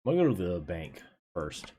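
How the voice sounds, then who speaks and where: A fairly low-voiced young man streaming a game. He talks to his viewers in a relaxed, off-the-cuff way and swears casually. His commentary stays loose and unscripted. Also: brisk, a little hiss or hum. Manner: chatty, laid-back, swears casually, talks to chat. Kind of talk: casual live gameplay commentary.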